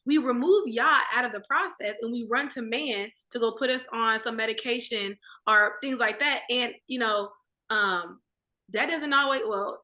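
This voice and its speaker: A woman in a casual Bible study discussion, talking with animated conviction and often acting out inner dialogue. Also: fairly high pitch.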